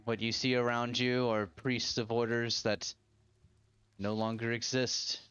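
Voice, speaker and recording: A man voicing a solemn dwarf temple leader who speaks slowly and gravely. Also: flat delivery, a bit bright, dull audio, lightly acted. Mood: grave, somber. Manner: slow, low, somber and measured.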